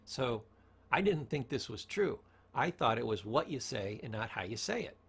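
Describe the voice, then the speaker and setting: A man's voice: medium pitch, big pitch swings, normal speed, fairly bright tone. A man giving a motivational talk on communication, telling stories and asking rhetorical questions. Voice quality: gravelly, husky voice. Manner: storytelling, asks rhetorical questions, varies tone for emphasis. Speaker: speaker on communication.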